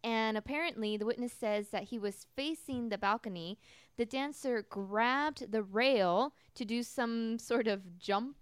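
A woman co-hosts and reads quirky news items in a chatty, amused tone. Her voice is smooth, clear and a bit high, with a dry close sound. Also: measured pace, no echo. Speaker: co-host reading news items. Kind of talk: casual talk show chat and news reading. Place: garage.

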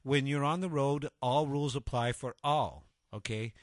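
A middle-aged man co-hosting a radio talk show, animated and joking, swearing freely in casual banter. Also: medium pitch, moderate pace, slight background noise. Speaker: co-host.

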